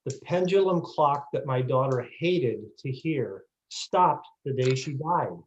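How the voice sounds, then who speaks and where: A man's voice: mid-range voice, expressive, slow pace, dull audio. Man reading audience questions aloud.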